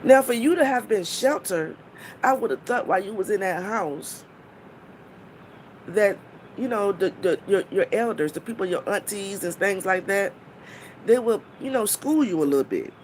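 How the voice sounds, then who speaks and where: A woman's voice: mid-range voice, lively intonation, normal speed, slight background noise. A woman on a live stream, talking bluntly and mockingly to her viewers, swearing freely and stopping to greet people in the chat.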